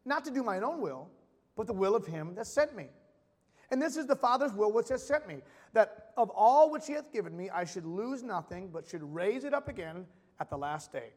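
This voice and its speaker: Man, pastor, high pitch, conversational sermon, long church-hall reverb. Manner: conversational preaching, quick asides and acted-out quotes. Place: church sanctuary.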